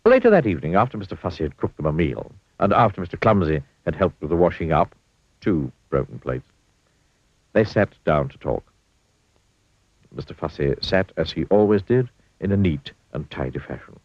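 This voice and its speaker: Low-voiced male storybook reader, lively and playful, dull lo-fi sound. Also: normal speed, slightly rough, no echo. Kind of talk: reading a children's storybook aloud.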